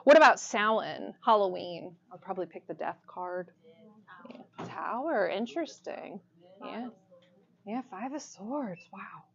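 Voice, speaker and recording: A woman's voice: mid-range voice, animated, measured pace, vocal fry. A woman leads a live workshop, talking casually and laughing often. She asks the class questions as she goes. The recording sounds a bit muffled. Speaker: workshop teacher. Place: shop classroom with audience.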